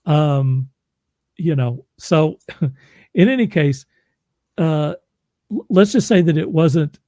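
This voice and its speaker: A man's voice: on the high side, lively intonation, slow pace, mellow, no echo. A man who narrates audiobooks, chatting casually in a rambling, self-deprecating way and laughing often. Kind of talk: casual chat.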